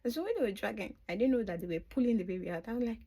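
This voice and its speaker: This middle-aged vlogger races through her own birth story, her voice on the high side, expressive, mellow, and slightly rough. It's spontaneous personal storytelling, full of emotion, and she sometimes drops to a whisper in the tender moments.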